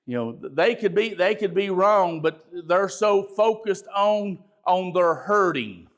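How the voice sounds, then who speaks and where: A loud, emphatic middle-aged man, a bishop teaching a ministry training session in a lecture style. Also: high voice, expressive, takes it slowly. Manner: loud, emphatic natural speaking voice.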